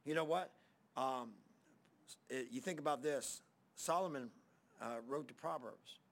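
A man's voice: mid-range voice, unhurried. A man preaching a folksy sermon as pastor, reading scripture aloud between stories.

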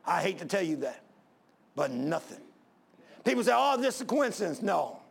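A man preaching with a strongly gravelly, fry-heavy voice that sits high for a man. He tells his story fervently and climbs into emphatic pleas. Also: sing-song, normal speed. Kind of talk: sermon with personal story.

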